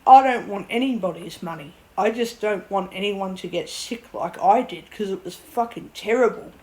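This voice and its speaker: A woman's voice: mid-range voice, moderate pace, warm tone, rough recording. Woman vlogger, rambling vent, blunt, swears, laughs it off, mid-range voice. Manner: blunt, swears, laughs at her own ordeal.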